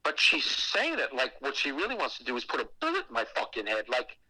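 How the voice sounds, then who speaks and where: A man telling a creepy personal story on a podcast in a casual, animated way, swearing often. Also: medium pitch, fast, low-quality recording. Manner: animated and heavily profane, with acted asides. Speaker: guest telling a ghost story.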